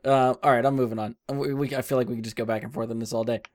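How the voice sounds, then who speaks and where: A man's voice: medium pitch, steady tone, rapid-fire, darkish tone. A man hosting a casual movie podcast, laughing often and steering the questions. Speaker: podcast host. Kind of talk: casual chat.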